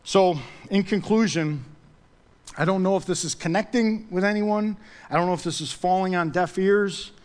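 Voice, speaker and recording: A man preaching a sermon as pastor, pressing his points by repeating them, then praying softly. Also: normal speed. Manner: emphatic, repeats key phrases; drops to a soft low voice for prayer.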